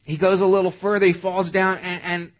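A male pastor preaching a sermon in a conversational, animated way. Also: high voice, brisk, muffled recording.

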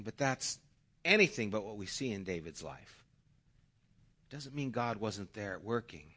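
A man preaching a sermon, telling a parable earnestly with shifting loudness. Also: fairly low pitch, measured pace. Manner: earnest, dynamic, varied loudness. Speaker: pastor. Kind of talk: sermon with storytelling.

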